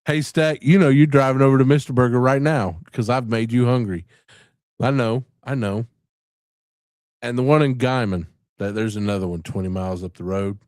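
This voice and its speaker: A man's voice: mid-range voice, moderate pace, a little mellow, dry recording, clean studio sound. A man hosting a casual live stream, rambling and joking with frequent laughter. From southern United States.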